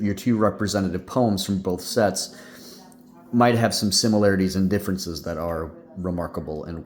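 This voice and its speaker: A male teacher giving a recorded class lecture, rambling with many fillers and restarts. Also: fairly low pitch. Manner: hums out rhythms with "ba ba".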